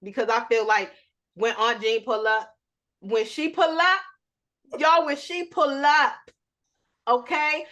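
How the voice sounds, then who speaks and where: A woman from New York co-hosting a podcast, telling an animated, explicit family story and acting out the quotes. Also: fairly high pitch, slow pace, long pauses. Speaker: podcast co-host. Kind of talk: casual storytelling chat.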